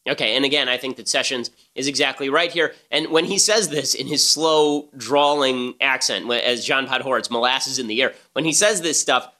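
Fast, bright-voiced male political commentator. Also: medium pitch. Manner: emphatic, argumentative. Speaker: political podcast host.

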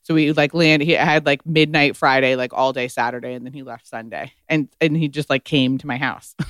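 Chatty woman, smooth dry voice. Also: very deep voice, normal speed, no echo. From United States. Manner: chatty, heavy use of "like", animated retelling. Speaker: podcast guest. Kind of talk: casual storytelling chat.

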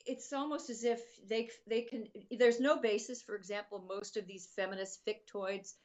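Female talk-show guest, earnest, halting restarts, wry laugh, mid-pitched voice. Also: fairly even intonation, darkish tone, lo-fi sound. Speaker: interview guest.

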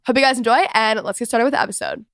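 A young woman from Texas hosts a chatty podcast, bubbly and rambling. Her voice sits fairly high. The sound is close and dry. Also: very fast, gravelly, a bit bright, no room sound. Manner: bubbly, rambling, lots of "oh my gosh" and "like". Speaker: podcast host. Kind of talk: casual podcast chat.

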